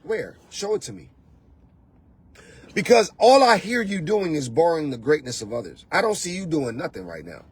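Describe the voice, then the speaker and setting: His pitch is fairly high and swings widely, the pace a bit quick with barely any pauses, and there's a breathy quality. He hosts a show as a spiritual coach, speaking directly to the listener in an emphatic motivational monologue built on repeated phrases and rhetorical questions.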